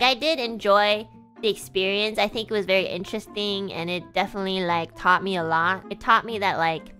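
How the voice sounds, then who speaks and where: A young woman streamer telling a rambling, flustered story in casual chat, breaking into high laughter. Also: pushed and bright. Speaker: VTuber streamer.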